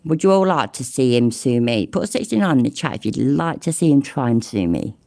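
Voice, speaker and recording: A woman's voice: extremely low pitch, very animated, fairly quick, gravelly, mellow. A woman hosting a reaction commentary, blunt, sweary and mocking. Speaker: commentary channel host.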